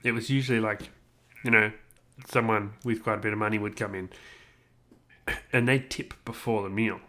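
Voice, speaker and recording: Relaxed man chatting. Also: fairly low pitch, moderate pace. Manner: relaxed, chiming in with short replies. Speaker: podcast co-host. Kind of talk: casual podcast chat.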